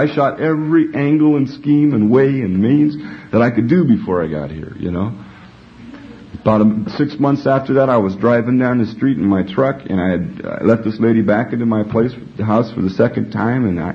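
A man telling his recovery story to a group, salty and profane, laughing often as he talks. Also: mid-range voice. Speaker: speaker sharing at a recovery meeting. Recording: dull lo-fi recording, faint noise.

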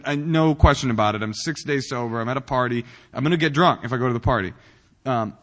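A man's voice: medium pitch, fairly bright tone. Self-mocking man in a reverberant hall. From Northern California. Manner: rambling and self-mocking, with many fillers and restarts. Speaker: speaker at a recovery meeting. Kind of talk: humorous personal recovery talk. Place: meeting room.

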